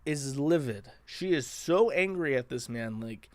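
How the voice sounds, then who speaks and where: A man's voice: fairly high pitch, normal speed, gravelly, few pauses, no echo. A man hosting a casual commentary stream, rambling in a sardonic, profane way.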